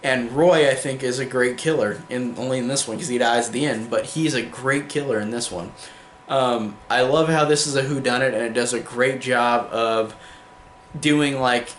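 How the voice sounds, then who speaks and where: A man's voice: mid-range voice, normal speed, a bit bright, echoey room, slight background noise. A young man reviewing films in a casual monologue, enthusiastic and rambling with lots of fillers. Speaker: film reviewer.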